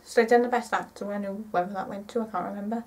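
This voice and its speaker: A woman in her twenties chatting casually to camera in a rambling, excitable way, often correcting herself. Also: mid-range voice, fast talker, recorded from a distance, low-quality recording. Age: 20s. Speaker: vlogger.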